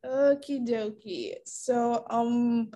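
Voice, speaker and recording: Woman podcast host, casual chat, laughs a lot, high pitch, slow delivery. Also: steady tone, dark tone. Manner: giggly, laughs often between words.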